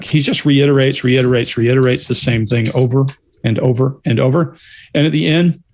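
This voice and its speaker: A man giving analytical commentary on a video clip as a body language analyst, measured and explanatory, repeating words for emphasis. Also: medium pitch, darkish tone.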